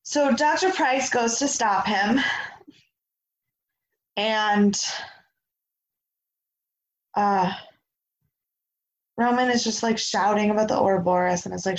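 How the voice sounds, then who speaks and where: A woman co-hosting a podcast, casually recapping a TV episode with quick asides. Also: medium pitch, poor audio. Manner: chatty, quick asides, acts out quotes. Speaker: podcast co-host.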